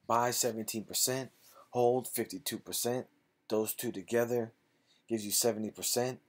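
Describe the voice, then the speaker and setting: A man's voice: mid-range voice, fairly even intonation, moderate pace. A man hosting an investing channel who reads company facts and figures aloud in clipped phrases, then chats loosely about whether to buy. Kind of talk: casual stock-analysis commentary.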